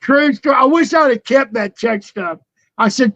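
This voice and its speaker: An older man, a retired wrestler telling road stories in an interview, laughing often and shouting out the lines he quotes. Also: extremely high pitch, moderate pace, no echo, lo-fi sound. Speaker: retired pro wrestler, guest. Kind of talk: storytelling interview.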